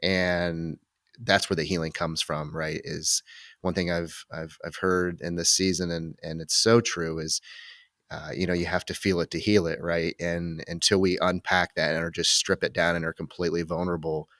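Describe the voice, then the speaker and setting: Deep-voiced man talking reflectively. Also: flat delivery, normal speed, fairly bright tone, no room sound, studio quality. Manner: reflective, rambling with many restarts. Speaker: podcast host. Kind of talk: casual conversational interview.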